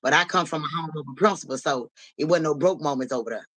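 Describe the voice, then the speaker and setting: Animated, slangy woman telling a street story. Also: fast talker, no echo. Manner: animated, slangy, profane, keeps asking "you know what I'm saying"; acts out voices in the story, rising high and loud. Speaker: live-stream host. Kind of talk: casual storytelling on a live stream.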